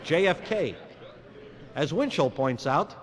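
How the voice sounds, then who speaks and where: A stand-up comedian with a slightly high, expressive voice performs a slow, rambling, conversational monologue before a live audience, voicing both sides of the dialogue himself. It comes from a 1961 live album, with long hall reverb and faint ambience.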